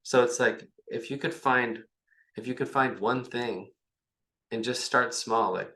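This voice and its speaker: Speaking at a measured pace, the man has a mid-range voice with fairly even intonation and a sharp tone. As a guest on a podcast, he rambles casually and performs little bits of back-and-forth with his partner, all in a room with noticeable echo.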